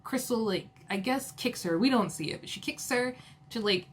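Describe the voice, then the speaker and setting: A woman casually recapping a reality TV episode, retelling the drama with laughs, quick asides and lively quoted lines. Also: mid-range voice, a little hiss or hum. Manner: animated retelling, quoting others with laughs and asides.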